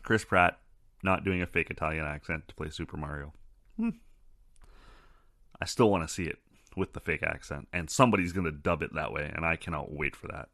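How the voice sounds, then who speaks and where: A man's voice: a bass voice, fairly quick, gravelly, long pauses, fairly bright tone, dry recording, studio quality. A man hosting a casual solo podcast, talking in a loose, rambling and profane way. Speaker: podcast host.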